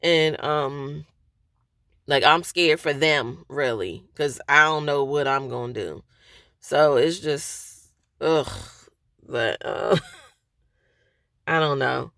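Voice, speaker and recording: A woman venting candidly to her viewers from a parked car, hesitant, with many pauses and restarts. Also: sits low, vocal fry, a bit bright, no room sound, clean studio sound. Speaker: vlogger.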